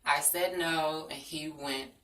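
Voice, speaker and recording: A woman's voice: deep voice, steady tone, slow pace, a bit bright. A young woman telling a personal story in a frank, earnest storytime vlog. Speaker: vlogger. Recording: echoey room, distant from the mic.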